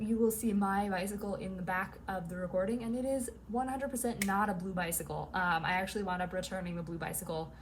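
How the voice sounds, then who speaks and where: A woman's voice: lowish voice, a little hiss or hum. Chatty songwriter woman humming rhythms. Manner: chatty and upbeat, hums rhythms with "da da" while explaining. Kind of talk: casual explanation of songwriting to viewers.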